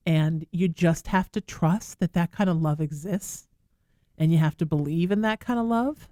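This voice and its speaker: A woman talk radio host speaks in a smooth, resonant voice, soothing and affectionate as she comforts a caller. She sounds close to tears throughout. The studio is dry and close. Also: on the low side, warm tone, no room sound. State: tearful. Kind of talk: emotional advice to a caller. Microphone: studio microphone.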